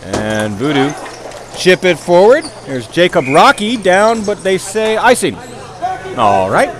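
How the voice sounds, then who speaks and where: Calling a ball hockey game play by play, a man with a high, leaping voice sounds tired from hours on the mic but keeps up self-mocking jokes. His excitement climbs with each goal, turning his call louder and quicker. Background noise runs throughout.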